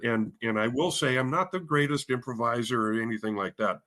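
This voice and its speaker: Speaking at normal speed in a mid-range, fairly bright voice, the head of bands at a music school recounts his background in a relaxed interview. Originally from Spokane, Washington, he wanders through the story self-deprecatingly, with frequent fillers and false starts.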